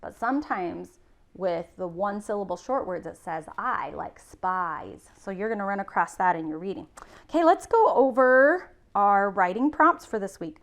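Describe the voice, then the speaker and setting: A woman teacher giving a recorded class lesson, slowly sounding out spelling rules in a patient, encouraging way. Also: mid-range voice, animated. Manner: slow, patient, sounding out words.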